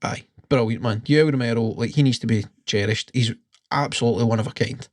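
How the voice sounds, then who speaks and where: A man's voice: medium pitch, brisk, no echo, clean studio sound. A Scottish man co-hosting a combat sports podcast, chatting casually and rambling through his points. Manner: rambling, restarts with "um" and "aye". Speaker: podcast co-host. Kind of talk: casual chat.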